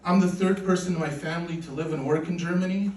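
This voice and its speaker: A man in his forties, originally from Poland, performing a deadpan, self-deprecating stand-up comedy set on a club stage with a handheld mic. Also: high-pitched, quick pace. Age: 40s. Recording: echoey room recording from a distance, loud noise.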